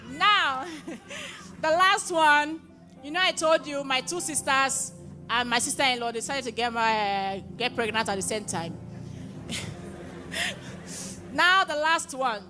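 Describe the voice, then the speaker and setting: Young woman with a high voice testifying at a church gathering, her story swinging into excited cries, with music playing clearly behind her. Warm-hearted, plainspoken storytelling. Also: measured pace. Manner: emotional, often rising to excited exclamations. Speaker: testifier at a prayer conference.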